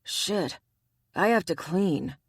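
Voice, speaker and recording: A woman's voice: lowish voice, expressive, takes it slowly, slightly rough, no room sound, clean studio sound, exaggerated voice. A woman voicing an easygoing male bear shifter in an audiobook, sheepish and defensive.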